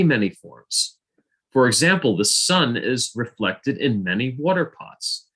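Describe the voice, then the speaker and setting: A man reading scripture aloud slowly and deliberately in an online study group, heard over a video call. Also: medium pitch, a bit bright.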